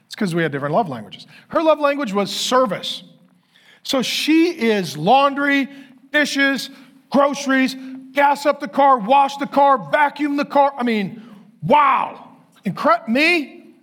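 High-voiced man preaching with humor. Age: 50s. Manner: animated, self-deprecating storytelling with acted quotes. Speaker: pastor. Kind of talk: sermon.

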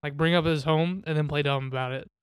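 A man's voice: on the high side, fairly even intonation, fast, clean tone, no echo, clean studio sound. A man co-hosting a podcast in casual chat, laid back and giving short replies. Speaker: podcast co-host.

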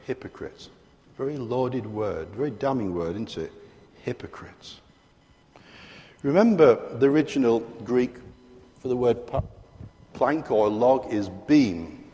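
A British man preaching a sermon in a large church hall, his voice trailing off into a long reverb. He speaks at a middle pitch and leans on his key words, turning to the congregation with questions. The tone is emphatic and direct. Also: mellow.

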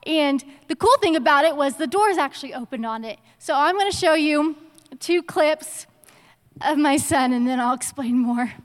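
A woman's voice: sits high, animated, moderate pace, in a large hall. A young woman giving a casual, conversational sermon in a church, telling stories with chatty slang asides. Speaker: church speaker. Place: church sanctuary.

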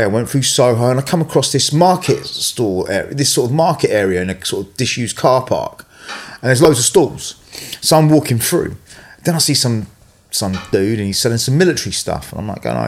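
English man, middle-aged, rambling chatty storyteller, average pitch. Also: animated, normal speed. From England. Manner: rambling storyteller, fillers like "you know", "right?". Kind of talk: casual chat.

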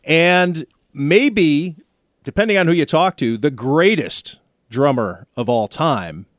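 A man's voice: on the high side, expressive, takes it slowly, dry recording, studio quality. A man hosting a radio talk show, telling a story in a chatty, playfully indignant way. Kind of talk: casual studio banter.

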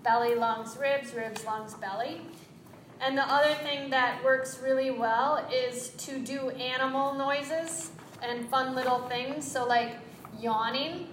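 A woman teaching yoga breathing, giving gentle, encouraging cues with quick asides. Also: sits high, fairly even intonation, roomy sound, slight background noise, rough recording. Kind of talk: guided breathing instruction.

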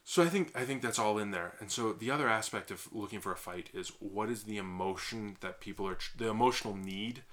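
A man with a lowish voice and a bright, forceful edge talks through marriage and therapy ideas on a podcast. He explains at length, circling back with fillers and restarts as he thinks aloud. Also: brisk, hardly any pauses. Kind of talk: casual conversational podcast.

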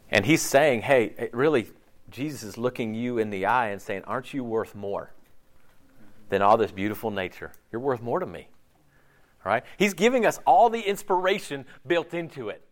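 A man preaching a sermon in a conversational, animated way, often slipping into quick voiced asides. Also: mid-range voice. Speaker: pastor.

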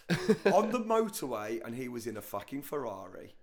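A man's voice: mid-range voice, big pitch swings, moderate pace. A man joking around as a podcast co-host, playful and laughing often. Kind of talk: casual comedy chat.

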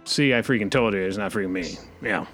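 A man hosting a comedy podcast, rambling in a hesitant, deadpan way with many fillers. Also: fairly low pitch, a little fast, soft background music. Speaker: host.

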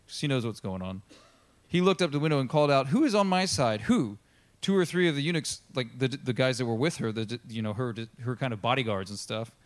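A pastor telling a Bible story in a casual, chatty sermon. He is animated and acts out the characters in the story. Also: mid-range voice, fast. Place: church.

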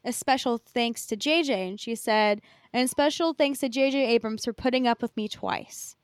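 Woman, podcast co-host, casual chat, higher voice, dry close sound. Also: moderate pace, no echo. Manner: chatty, recaps with fillers.

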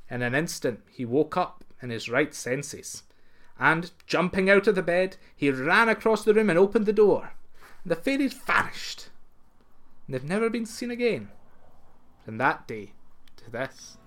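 Lively man telling a folktale. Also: fairly high pitch, measured pace. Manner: expressive, lilting storytelling. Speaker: storyteller. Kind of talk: folktale narration.

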